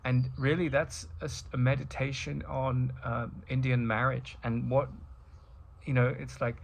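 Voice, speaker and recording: Gravelly middle-aged man musing aloud. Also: medium pitch, little pitch movement, a little slow, a little hiss or hum. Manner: rambling, with many restarts and asides. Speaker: spiritual talk host. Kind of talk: reflective monologue.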